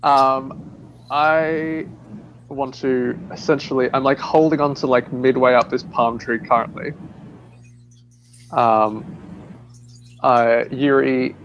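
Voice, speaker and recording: Slow, rambling male game player. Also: mid-range voice, little pitch movement, muffled recording, slight background noise. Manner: casual, rambling with many "like"s. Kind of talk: describing his character's moves.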